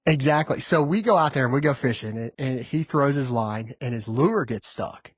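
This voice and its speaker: A man's voice: medium pitch, lively intonation, normal speed, no room sound, studio quality. A man who is a guest on a podcast, telling stories in an easygoing casual chat.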